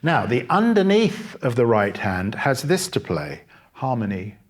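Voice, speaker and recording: Piano teacher explaining at the piano. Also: male voice, medium pitch, big pitch swings. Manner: patient, explanatory, pauses to play examples. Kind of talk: masterclass demonstration at the piano. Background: piano playing between phrases.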